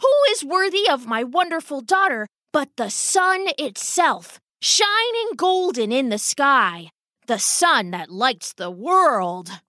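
A woman's voice: sits high, very animated, slow, pushed and bright, no room sound, clean studio sound, voice pushed up, heavily acted. A woman voicing an old, pompous, dramatic male rat father in a storybook tale, blustering and theatrical. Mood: grandiose.

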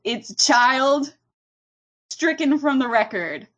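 A woman's voice: high voice, lively intonation, takes it slowly, a bit bright, muffled recording. A woman ranting casually on a podcast, profane and emphatic, laughing as she goes.

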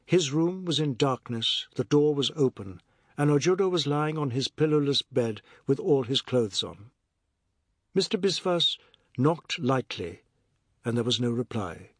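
A man reading a novel aloud as narrator in a measured, even storytelling manner. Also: medium pitch, slightly rough, no room sound, studio quality. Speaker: audiobook narrator. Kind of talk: scripted narration.

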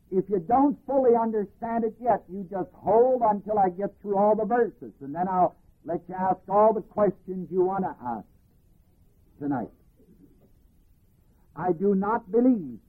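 A man teaching a Bible class, reading verses and explaining them deliberately, phrase by phrase. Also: high-pitched, husky. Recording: tinny archival phone-band recording.

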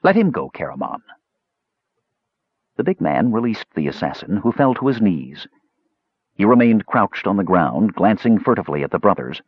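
Husky, expressive male audiobook narrator. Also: on the low side, normal speed, no room sound. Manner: expressive storytelling. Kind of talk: scripted fantasy narration. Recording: dull lo-fi recording.

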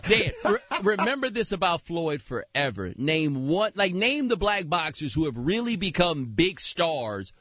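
A man co-hosting casual sports talk, emphatic and animated, repeating lines for effect. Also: a little high, a little slow, hardly any pauses, dull audio.

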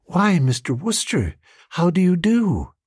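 A man's voice: high-pitched, big pitch swings, a little slow, darkish tone, breathy edge, dry recording, clean studio sound, voice pushed up, full character voice. A man voicing a composed young wife. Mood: reserved. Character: young woman, former actress, composed.

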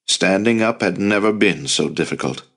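A man narrating an audiobook in a measured storytelling manner. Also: deep voice, fairly bright tone, breathy edge. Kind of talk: scripted narration.

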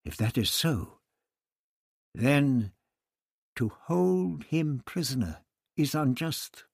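A grave, dignified high priest, as a male reader puts him on, speaking firmly and with solemn weight. The voice rises in emphasis, with a husky breath, recorded close and dry. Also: sing-song, slow, no room sound, full character voice. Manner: firm, solemn.

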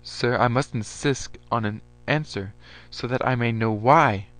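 A man's voice: mid-range voice, unhurried, fairly bright tone, no echo, close to an everyday voice. A man reading a story aloud, voicing a determined army major who is firm but respectful.

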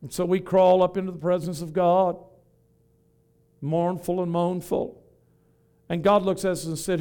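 High, smooth-voiced man preaching. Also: level tone, unhurried, long pauses, warm tone. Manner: rhythmic, folksy, calling out questions to the congregation. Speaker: Pentecostal bishop preaching. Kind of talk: sermon. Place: church before a congregation.

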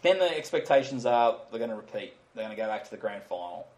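Fast-talking sports podcast host. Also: male voice, mid-range voice, animated, darkish tone. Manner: chatty, jokey, rambling. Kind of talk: casual sports chat.

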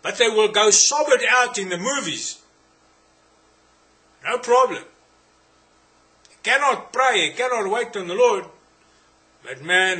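A South African man preaching a sermon in a fairly high voice. His delivery is emphatic and insistent, circling back on his points and throwing rhetorical questions at his listeners. The tone stays bright and forceful throughout.

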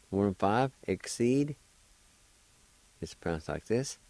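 A man hosting a radio language lesson, spelling out each word and repeating it slowly and deliberately, with gentle encouragement for beginners. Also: low voice, no room sound, low-quality recording. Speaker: radio host teaching a language.

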